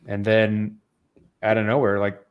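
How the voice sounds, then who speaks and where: A man's voice: on the low side, monotone, measured pace, smooth, muffled recording. A man co-hosting a podcast in casual chat, earnestly explaining at length. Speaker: podcast co-host.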